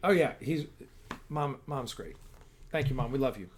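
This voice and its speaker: A man's voice: medium pitch, expressive, normal speed, very noisy. A man hosting a casual livestream, talking enthusiastically in a rambling way with frequent restarts. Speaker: host of a fan-film livestream.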